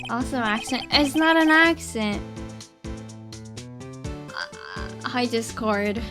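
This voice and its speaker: A woman's voice: fairly high pitch, slow. A woman streamer chatting playfully with viewers while playing a game. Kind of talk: casual game stream chat. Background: game music.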